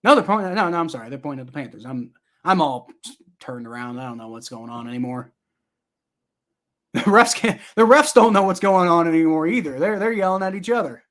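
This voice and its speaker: Host, male, fairly high voice, rambling live sports reaction, answers chat on the fly. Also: animated, a little fast, fairly bright tone. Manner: rambling, chatty, talks back to viewer comments.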